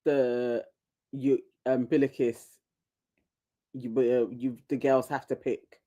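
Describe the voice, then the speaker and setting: A woman's voice: rumbling low, little pitch movement, slow pace, mellow, lo-fi sound. A woman, co-hosting a casual TV recap and retelling scenes animatedly, laughing often. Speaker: co-host.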